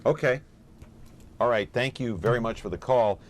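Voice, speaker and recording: A man hosting a live call-in talk show, moving briskly between callers, breaks and video. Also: medium pitch. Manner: brisk, moves the show along.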